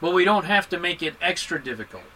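Giving a Buddhist dharma talk to his group, a high-voiced man teaches in an animated, joking style, swinging his pitch hard for emphasis. His tone is very bright and sharp, and he talks fast. The audio is poor, with slight background noise.

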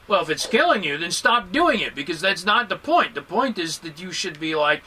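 A man giving a Buddhist dharma talk to a group, animated and joking, with emphatic swings in his voice. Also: high voice, moderate pace, hardly any pauses, rough recording. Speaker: Buddhist teacher.

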